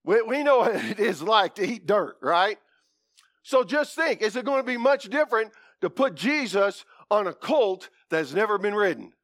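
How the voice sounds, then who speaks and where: A man preaching a folksy, animated sermon, with whoops and asides to the congregation. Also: high voice, moderate pace, no echo, clean studio sound.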